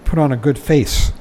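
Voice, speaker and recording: Older man giving a mellow dharma talk. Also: a little high, a little hiss or hum, rough recording. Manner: conversational, chuckling, frequent "you know". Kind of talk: reading a book aloud and commenting.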